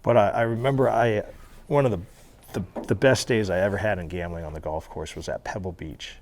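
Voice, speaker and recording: A man being interviewed, telling animated stories with casual swearing and laughter. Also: on the low side, a little fast, slight background noise. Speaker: interview guest. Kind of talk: storytelling interview. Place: federal halfway house.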